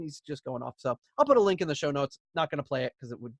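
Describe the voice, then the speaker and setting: A man's voice: mid-range voice, sing-song, rapid-fire, no echo, studio quality. A man co-hosting a podcast in casual chat. He tells stories with laughter and acts out quotes. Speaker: podcast co-host.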